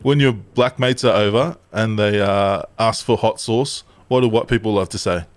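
A man's voice: fairly low pitch, moderate pace, no echo. A man co-hosting a casual podcast, reading out listener lists and chuckling as he goes. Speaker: podcast co-host.

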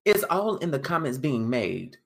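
A man speaks as a guest in a casual interview, answering in a measured, plainspoken way. He sorts his thoughts into numbered points and adds small conversational tags as he goes. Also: medium pitch, very animated, gravelly, fairly bright tone.

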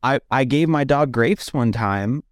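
A man's voice: medium pitch, a little slow, no echo, studio quality. A man co-hosting a podcast, telling a profane personal anecdote in casual chat.

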